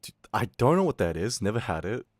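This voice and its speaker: A young man streaming, chatting with his chat in a loud, swearing, laughing, animated rant. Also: fairly low pitch, a little fast, no room sound, studio quality. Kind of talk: casual stream chat reading chat.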